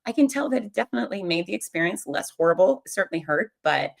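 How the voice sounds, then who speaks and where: A woman's voice: mid-range voice, lively intonation, fast, creaky. A middle-aged woman hosting a show, telling a personal story in a frank, humorous and confiding way. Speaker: podcast host.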